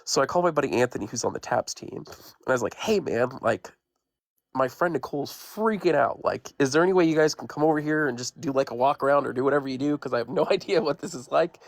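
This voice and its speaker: A man with a gravelly, creaky voice tells a ghost story as a guest on a live stream. He talks in a loose, rambling, conversational way. The sound is dry and close. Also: medium pitch, animated, fast, no room sound. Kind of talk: casual spoken ghost story.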